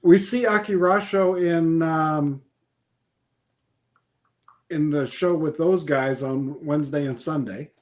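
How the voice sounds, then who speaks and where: A man's voice: on the high side, slow pace, pauses often. A man co-hosting a casual live call-in chat, talking loosely with frequent laughs and restarts over a video call. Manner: chatty, laughs often, restarts sentences. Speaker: co-host.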